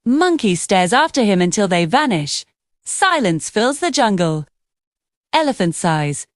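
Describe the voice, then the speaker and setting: A woman reading scripted narration for a children's cartoon story in an expressive storytelling manner. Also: medium pitch, measured pace, no room sound, clean studio sound.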